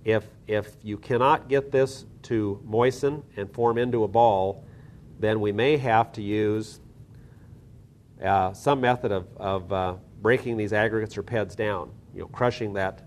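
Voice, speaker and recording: A man's voice: fairly low pitch, fairly even intonation, measured pace. A man teaching soil science, talking methodically through a hands-on lab demonstration with small restarts.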